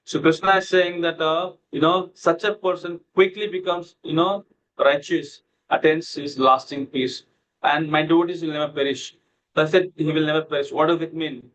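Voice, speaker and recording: A man's voice: a little high, steady tone, moderate pace, a bit bright, a little hiss or hum, low-quality recording. A man teaching a devotional scripture class over a video call, telling a story loosely with lots of "you know" fillers. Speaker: Bhagavad Gita class teacher.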